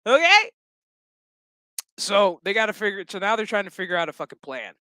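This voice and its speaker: A man's voice: sits high, lively intonation, fast, pushed and bright, smooth, no room sound. A man giving a casual, profanity-laced spoken review of a TV series, chatty and laughing often. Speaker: show reviewer.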